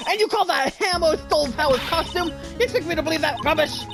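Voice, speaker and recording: A woman voicing a cranky, nosy old woman security guard who scolds in a shrill, indignant way. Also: fast talker, music in the background. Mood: scolding.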